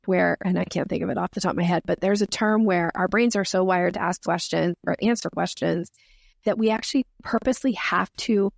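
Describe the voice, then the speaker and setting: A woman speaks as a sales expert in a podcast interview, her voice carrying a slightly gravelly fry. She explains with lively bits of acted-out client dialogue. The sound is dry and close, with no room around it. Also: fairly low pitch, a little fast, no echo. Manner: energetic, explains with role-played sales dialogue.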